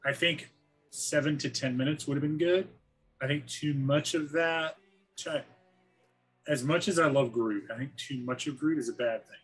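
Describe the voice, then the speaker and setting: A man's voice: on the high side, a bit bright, breathy edge, low-quality recording. A man hosting a casual podcast chat, enthusiastic and handing turns to his guests. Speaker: podcast host.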